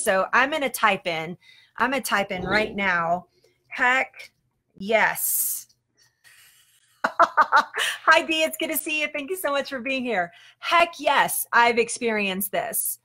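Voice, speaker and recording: A woman's voice: a little high, sharp tone. A woman health coach talking casually on a live stream, chatty and laughing often as she tells a story.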